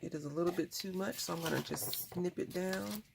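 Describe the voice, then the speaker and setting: Heavy background noise surrounds this brisk, creaky, lowish voice. It's a woman from the United States hosting a craft video, talking casually and rambling through stories as she works.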